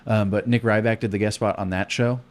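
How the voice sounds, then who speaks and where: Young male comic host, low voice, profane and animated storyteller. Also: brisk. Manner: profane, animated, acts out quotes loudly. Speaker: comedian podcast host. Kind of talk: casual storytelling chat.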